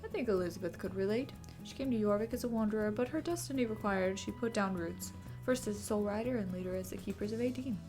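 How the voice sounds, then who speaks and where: A woman's voice: medium pitch, fast talker, few pauses, over music, natural voice. A woman voicing a wandering storyteller who fondly reminisces about an old friend. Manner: fond, reminiscing narration.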